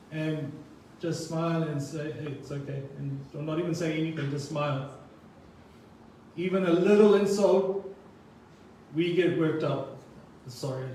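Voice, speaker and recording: Sermon speaker, male, mellow tone, echoey hall, mic far away. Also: fairly high pitch, a little hiss or hum. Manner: reads scripture aloud and explains it. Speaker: temple speaker. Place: temple hall.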